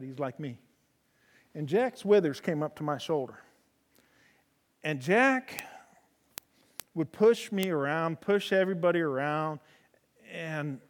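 Folksy preacher in a reverberant hall. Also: male voice. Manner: folksy storytelling with humor; swings from loud emphasis to soft, low delivery. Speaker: preacher in a horse ministry. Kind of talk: sermon.

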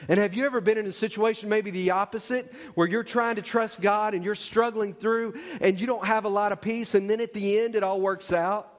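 A man preaching a sermon as pastor, telling stories with lively acted-out outbursts, miked on stage in a church. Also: high voice, brisk, hardly any pauses. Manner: animated storytelling with acted-out shouts. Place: church sanctuary. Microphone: wearing a microphone pack. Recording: long reverb of a large hall.

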